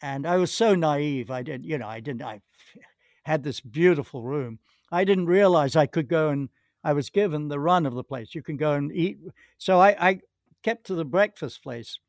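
An interviewed golf pro tells long, halting anecdotes, frequently restarting his sentences. His fairly high voice is expressive and moderately paced, and the studio-quality recording has no room sound.

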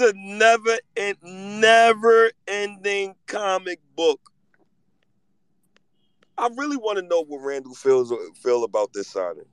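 Animated profane man ranting about sports. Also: sits high, slow pace, clean tone, dry recording, rough recording. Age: 30s. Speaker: host. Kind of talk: casual sports talk.

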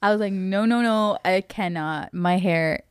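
A young woman co-hosting a casual podcast, relaxed and laughing often, sprinkling in "like". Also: medium pitch, measured pace, smooth, no echo, clean studio sound. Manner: laid-back, laughs often, filler "like". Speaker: podcast co-host. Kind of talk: casual chat.

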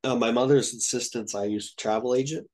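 A man's voice: mid-range voice, fast. A man in his thirties from Ohio telling a long travel story in casual chat, rambling and acting out what people said. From Ohio, USA. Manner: rambling, animated retelling with quoted voices.

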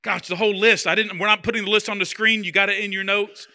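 A man's voice: high voice, steady tone, fast talker, pushed and bright. A man preaching a sermon as pastor, talking in a loose, conversational way with humor and repeated phrases.

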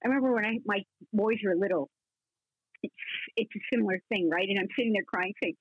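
A woman in her sixties, a guest actress telling rambling, animated stories in a casual interview, full of restarts. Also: medium pitch, fast, no echo. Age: 60s. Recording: husky voice over a tinny phone line.

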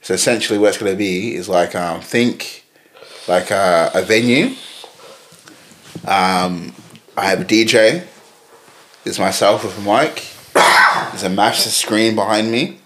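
A man's voice: lowish voice, unhurried, pauses often, slight background noise. A man co-hosting a podcast in casual chat, bantering, swearing and using slang. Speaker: podcast co-host.

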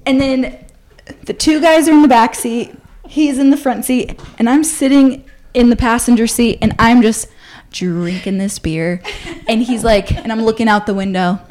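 A woman in her twenties hosts a podcast, telling a story casually, animatedly, and with profanity while acting out the voices of its characters. Her voice is a little high and her speed normal.

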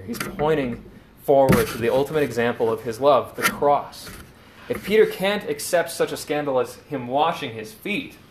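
A man's voice: mid-range voice, slight background noise. A man preaching a sermon, earnest and explanatory, retelling scenes in quoted lines.

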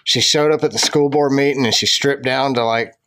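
A man's voice: medium pitch, fairly even intonation, brisk, fairly bright tone, slight background noise. A man co-hosting a casual comedy podcast, telling rambling stories and laughing along. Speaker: podcast co-host.

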